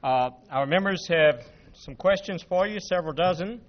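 An older man thanking the speaker and introducing questions politely, with small hesitations. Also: fairly high pitch. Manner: polite, halting with uhs. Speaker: club host. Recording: dull lo-fi audio.

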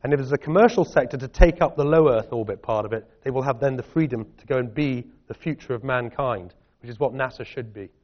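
A man's voice: medium pitch, quick pace, hardly any pauses. A middle-aged Scottish man answering audience questions in a chatty, self-deprecating way. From Scotland. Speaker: guest speaker. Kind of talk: public talk and Q&A. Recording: dull lo-fi audio.

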